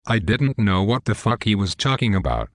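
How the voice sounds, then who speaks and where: A man's voice: on the low side, sing-song, moderate pace, no echo, clean studio sound. A young man telling a wild story in a casual, profane, matter-of-fact way. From United States. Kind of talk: casual scripted story narration.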